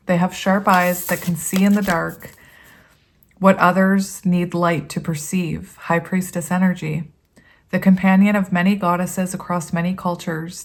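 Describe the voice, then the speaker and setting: A woman giving a casual tarot reading to her viewers, chatty and rambling, often laughing and reading card meanings aloud. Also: fairly low pitch. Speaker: tarot reader.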